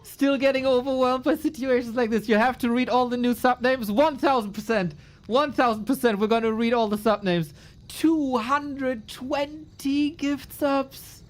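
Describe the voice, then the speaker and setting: A man casting a live esports stream, excitable and exclamatory, swearing freely. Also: very high voice, normal speed. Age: adult, long-time caster. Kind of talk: live stream game commentary.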